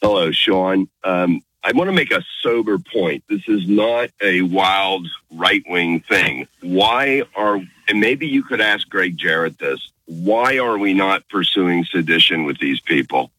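A man from California calling a radio show, making his point in an earnest, measured way. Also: deep voice, animated, bright, forceful tone, breathy edge, dry recording, rough recording. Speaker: caller.

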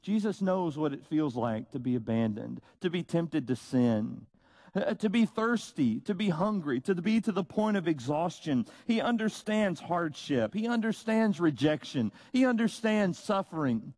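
A man preaching a sermon, slow and emphatic, with dramatic pauses and rhetorical questions. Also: a little high, big pitch swings, a little mellow, dry recording. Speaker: pastor.

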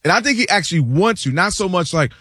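A man co-hosting a sports radio show, arguing basketball in an animated, interjecting way. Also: high voice, quick pace, no echo, studio quality. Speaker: co-host.

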